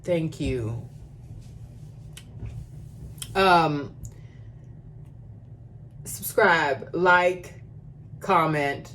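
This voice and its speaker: A woman's voice: deep voice, animated, very slow, long pauses, a bit bright, a little hiss or hum. A woman hosting a reaction video, giving blunt, sarcastic, opinionated commentary. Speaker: reaction channel host.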